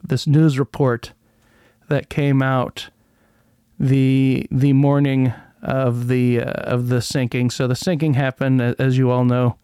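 A man's voice: medium pitch, little pitch movement, takes it slowly, dark tone, clear, resonant tone, no echo, clean studio sound. A man hosting a casual solo podcast, rambling and sarcastic, who stumbles over words as he reads out an old news article. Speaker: podcast host.

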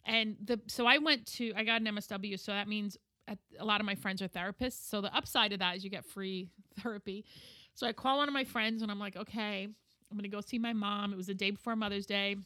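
A middle-aged woman telling a candid personal story as an interview guest, animated and acting out what others said. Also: mid-range voice, fast talker. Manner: animated, acts out quoted voices.

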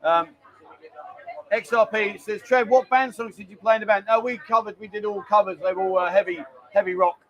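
A man's voice: high voice, fairly even intonation, brisk, a bit bright, highs cut off. A middle-aged man hosting a live stream, chatty and bantering as he rambles along. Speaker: livestream host. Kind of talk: casual live-stream chat.

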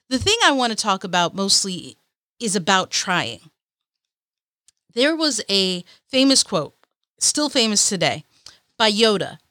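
A woman's voice: medium pitch, pushed and bright, no room sound, studio quality. A woman hosting a motivational podcast, talking in an upbeat, encouraging and chatty way. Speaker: podcast host.

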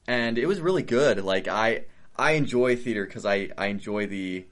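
Young man, very low voice, thoughtful casual chat, restarts phrases. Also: normal speed. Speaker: guest. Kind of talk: casual conversation.

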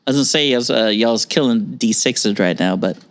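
A man's voice: medium pitch, fairly quick. A man hosting a casual podcast chat, enthusiastic and jokey, swearing often. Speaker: podcast host.

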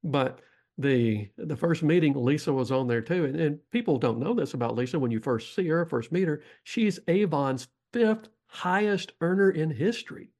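A man's voice: a little high, lively intonation, normal speed, a little mellow. A middle-aged man with a Texas accent, a podcast guest telling long, folksy stories in a rambling way. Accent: Texan. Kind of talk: storytelling interview.

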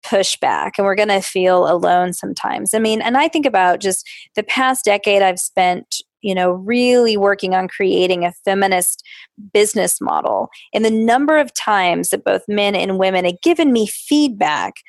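A woman's voice: medium pitch, normal speed, gravelly, no room sound, clean studio sound. A woman co-hosting a podcast, speaking reflectively and conversationally, drawing out her stressed words. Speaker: podcast co-host.

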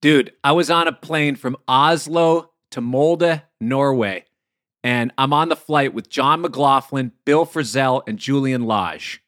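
A man, a touring musician, telling a travel story in relaxed, slangy casual chat. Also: medium pitch, takes it slowly.

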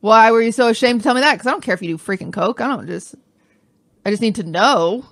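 A young woman hosting a casual podcast chat, telling her side of a story in an animated, indignant way. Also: a little high, fast, no room sound. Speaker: podcast host.

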